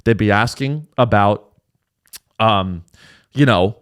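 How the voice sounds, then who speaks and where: A man's voice: fairly low pitch, takes it slowly, clean tone. A man hosting a podcast, talking casually in a rambling, profane and sarcastic way. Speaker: podcast host. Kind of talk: casual chat.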